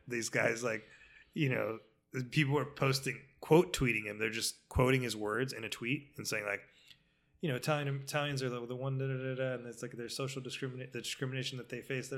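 A man's voice: medium pitch, creaky, a bit bright. A man chatting casually on a podcast, telling a rambling story full of fillers, restarts and swearing. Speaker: podcast co-host. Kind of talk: casual chat.

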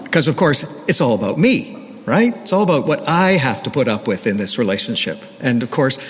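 A man's voice: mid-range voice, breathy edge. A man preaching a sermon in a candid, self-deprecating, conversational manner. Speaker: pastor. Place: church. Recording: long hall reverb, faint ambient noise.

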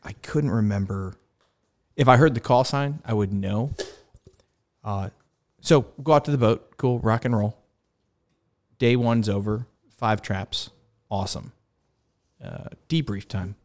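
A man's voice: on the low side, unhurried, darkish tone. A man hosting a casual podcast chat, telling a story about learning to land on a carrier, acting out quoted dialogue and laughing often. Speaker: podcast host, former carrier pilot.

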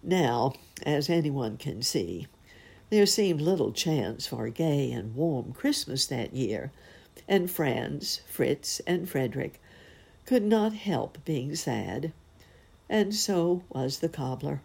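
A woman telling a fairy tale as a storybook reading, expressive and unhurried. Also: very deep voice, gravelly, slightly rough.

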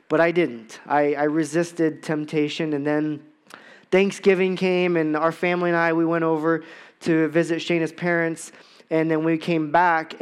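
A man's voice: on the high side, clean tone. A man preaching a sermon, opening with a personal story and moving into rhetorical questions for the congregation. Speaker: pastor.

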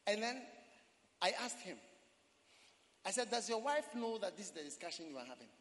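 Pastor, male, high and lively voice, sermon with sudden shouted bursts, long church reverb. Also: a little fast. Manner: preaching with dramatic shouts and archaic scripture quotes.

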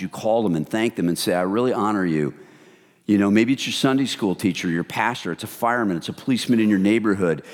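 A male pastor giving an animated sermon to a congregation, sometimes dropping into hushed voices to act out gossip. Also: medium pitch, long reverb tail.

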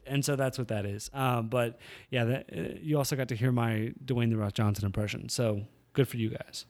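A man's voice: medium pitch, fairly even intonation, normal speed, a little mellow. A man hosting his own podcast, chatting casually and rambling as he tells stories, often correcting himself as he goes. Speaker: podcast host. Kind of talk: casual solo podcast chat.

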